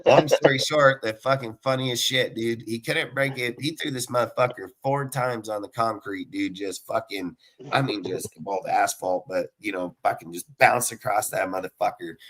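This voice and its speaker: A young man telling a story in casual chat, swearing constantly and loudly acting out the sounds. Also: fairly low pitch, moderate pace. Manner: profane, animated, mimics sounds loudly. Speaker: podcast co-host.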